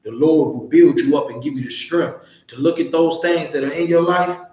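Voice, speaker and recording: A man teaching a scripture class, loud and profane, fired-up like a street preacher. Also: fairly high pitch, normal speed. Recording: very echoey room.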